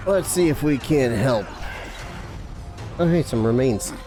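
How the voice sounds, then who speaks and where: A man casually commenting on a game he is playing, excitable and quick to swear at setbacks. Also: medium pitch, faint music behind. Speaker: streamer playing a video game.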